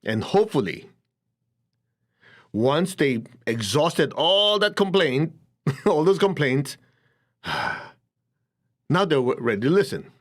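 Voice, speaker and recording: A man's voice: on the high side, very animated, takes it slowly, long pauses. A man teaching a spiritual lecture to an audience, telling stories animatedly, acting out quoted voices and laughing often.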